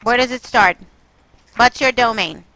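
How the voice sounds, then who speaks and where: A woman teaching a math class, quizzing and coaxing her students toward the answer. Her voice sits high and sounds bright. She keeps the questions coming. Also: measured pace, no echo, poor audio. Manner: coaxing, quizzing students, exasperated then apologetic. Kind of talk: classroom lesson.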